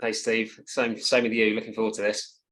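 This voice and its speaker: A man in his forties with an English accent talks in a flat, level tone as a podcast guest. He speaks at an easy pace, with frequent ums and rhetorical tag questions. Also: on the low side, brisk. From England. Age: 40s. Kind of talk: casual interview chat.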